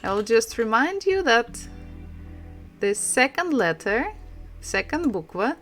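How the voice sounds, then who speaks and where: A woman teaching a language lesson, repeating sounds slowly and laughing often. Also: on the high side, big pitch swings, a bit bright, faint music behind. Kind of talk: slow, patient language lesson.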